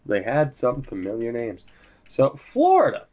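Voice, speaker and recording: Excitable young man calling a hockey game. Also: medium pitch, unhurried. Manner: excitable, swings between mutters and shouts; joking, swears freely. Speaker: gaming commentator. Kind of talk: casual game commentary.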